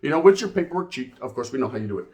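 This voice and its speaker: A man's voice: mid-range voice, very animated, very fast, darkish tone. A man, telling a story as ranting commentary, full of profane street slang and Spanish words. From California. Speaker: channel host.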